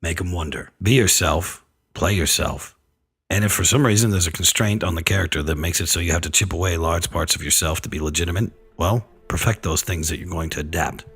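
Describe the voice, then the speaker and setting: A man's voice: low-pitched, fairly quick, fairly bright tone, husky. A man who directs films hosts a radio advice segment for actors, talking frankly and wryly. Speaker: film director and acting coach, radio segment host.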